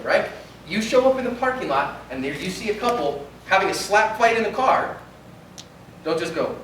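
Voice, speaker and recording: A man who is a pastor, giving an animated conference talk and acting out little dialogues. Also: high voice, brisk, slight background noise. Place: large conference hall. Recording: echoey hall from far off.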